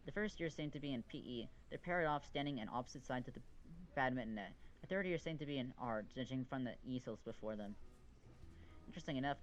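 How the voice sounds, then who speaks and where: A man's voice: medium pitch, rough recording. A man in a mid-range voice narrating a visual novel, wry in tone and tripping over the odd word. Faint game music plays under him. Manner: wry, stumbling over words. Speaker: let's play reader. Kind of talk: reading a visual novel aloud.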